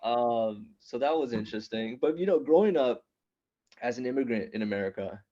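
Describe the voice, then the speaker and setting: A man in his thirties, an immigrant raised in New York City, telling a stand-up comedy story with punchy, animated delivery and quick asides to the crowd. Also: medium pitch, lo-fi sound. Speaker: stand-up comedian at open mic.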